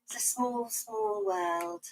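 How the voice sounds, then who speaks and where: A woman with a South East London accent draws on a livestream while playfully chatting with viewers and reading their comments aloud. Her voice is a little high with fairly even intonation, she speaks slowly, and the recording is low quality.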